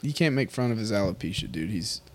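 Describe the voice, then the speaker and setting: A man's voice: fairly low pitch, expressive, quick pace. A man co-hosting a podcast in casual chat, loose and joking, swearing freely and laughing often. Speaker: podcast co-host.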